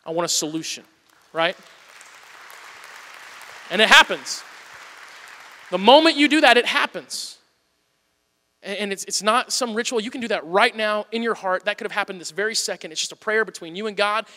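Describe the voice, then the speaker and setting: A man preaching a sermon in a church, earnest, moving between loud urging and quiet pleading. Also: high-pitched, moderate pace, pauses often, in a large hall, a faint crowd. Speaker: pastor. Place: church auditorium.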